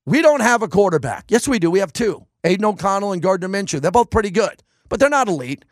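A man's voice: sits high, very animated, quick pace, dry recording, clean studio sound. A man hosting a sports radio show, delivering an opinionated monologue in an emphatic style and repeating lines for punch. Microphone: studio microphone.

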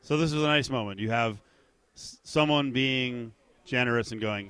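A man's voice: medium pitch, normal speed, fairly bright tone, clear, resonant tone, no room sound. A man co-hosting a sports radio show, chatting casually and dropping wry, brief remarks.

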